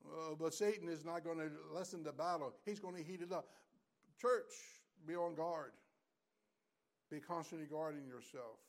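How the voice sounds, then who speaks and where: A male pastor preaching a sermon, swinging from loud exhortation to hushed, near-whispered lines and repeating key phrases to the congregation. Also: mid-range voice, gravelly. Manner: repeats key phrases, addresses listeners as church. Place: church service, also streamed online.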